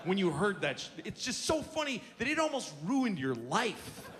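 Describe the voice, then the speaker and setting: A man's voice: high voice, big pitch swings, measured pace, a bit bright, a little hiss or hum. A male stand-up comedian delivering a profane, sarcastic rant that builds into mock outrage, recorded live at a show. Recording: live club with audience laughter. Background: audience laughing.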